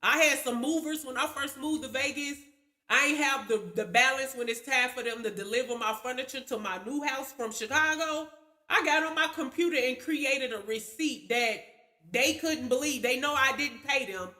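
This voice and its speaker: On her livestream, an adult woman with children rants casually to viewers, telling a rambling, profane story. Her voice is high-pitched and sharp, moving at a normal speed.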